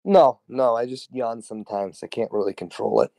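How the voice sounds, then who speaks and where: A man co-hosting a comedic podcast, speaking in a laid-back, deadpan, matter-of-fact way. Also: medium pitch, moderate pace, gravelly, no room sound, studio quality. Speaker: podcast co-host. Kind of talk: comedic vtuber podcast banter.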